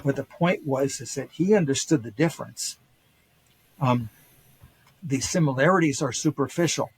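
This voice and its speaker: A man's voice: medium pitch, normal speed, slight background noise, rough recording. An older man, a historian guest on a podcast, retelling ancient stories casually with quoted voices and many fillers and restarts. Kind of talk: casual storytelling lecture.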